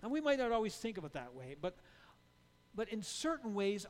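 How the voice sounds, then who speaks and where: A man with a fairly high voice preaches a sermon, talking to his listeners in a conversational way. He checks in with rhetorical asides and often stammers and restarts his sentences. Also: big pitch swings, fairly quick.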